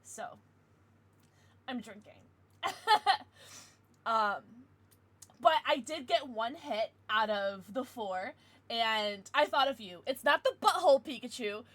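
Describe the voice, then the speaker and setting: A young adult woman streamer chatting casually with her viewers, with excited outbursts. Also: high voice, dry recording. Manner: chatty, answers viewers, bursts of excited squeals. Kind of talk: casual live-stream chat.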